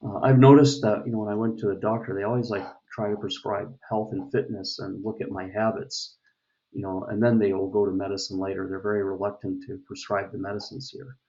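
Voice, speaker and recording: Man, low flat voice, gravelly, rambling casual talk, dull lo-fi sound. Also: a little fast. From United States. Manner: rambling, many fillers and restarts. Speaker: vlogger. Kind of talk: casual opinion monologue. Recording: dull lo-fi recording.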